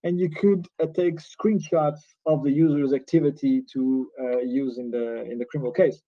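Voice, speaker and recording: Earnest and explanatory, a Portuguese-accented man from Portugal presents a conference lecture on cybercrime law. His voice is mid-range, steady in tone, at a moderate pace, and the recording is dull lo-fi.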